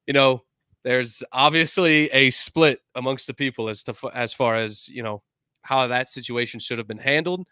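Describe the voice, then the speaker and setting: A man with an American accent hosting a casual sports podcast, loud and joking, swearing freely. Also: mid-range voice, smooth, no echo, clean studio sound. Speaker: podcast host.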